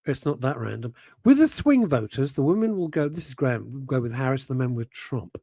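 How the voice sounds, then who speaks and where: A man's voice: mid-range voice, lively intonation, a little fast, dark tone, no echo, studio quality. A man hosting a radio show, chatting casually, teasing his co-host and telling stories. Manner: teasing, interrupting, anecdotal storyteller. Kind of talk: casual on-air banter.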